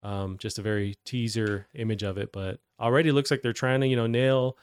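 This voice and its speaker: A man's voice: mid-range voice, a little fast, clean tone. Casual man chatting about game news. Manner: relaxed, rambling, with many fillers and restarts. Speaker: gaming news show host. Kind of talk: casual gaming news chat.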